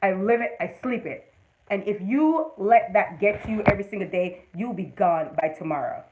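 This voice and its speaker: A woman's voice: mid-range voice, animated, moderate pace, background noise. A woman hosting a casual livestream, giving motivational advice and greeting viewers by name. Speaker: livestream host.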